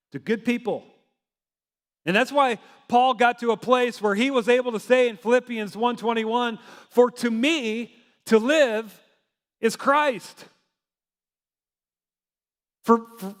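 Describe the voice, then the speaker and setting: A male pastor with a high, fairly bright voice preaches a sermon in a reverberant church sanctuary. His style is conversational yet emphatic, with repeated phrases.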